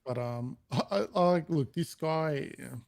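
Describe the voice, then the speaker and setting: A man's voice: medium pitch, unhurried, vocal fry, a little mellow, no echo, studio quality. A man hosting a gaming podcast, talking casually with many fillers and restarts. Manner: reads a statement aloud while trying not to laugh. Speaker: podcast host. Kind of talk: casual chat.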